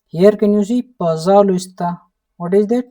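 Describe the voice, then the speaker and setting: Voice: medium pitch, normal speed, mellow, far from the mic. A language teacher from India with an Indian English accent, giving an online lesson, repeating each word again and again and prompting with a questioning "hmm?".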